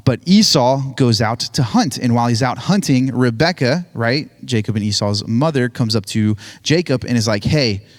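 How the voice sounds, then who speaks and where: A man's voice: medium pitch, expressive, normal speed, hardly any pauses. A man giving a casual, joking sermon, retelling a Bible story with lots of "like" and "right?". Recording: hall reverb on voice.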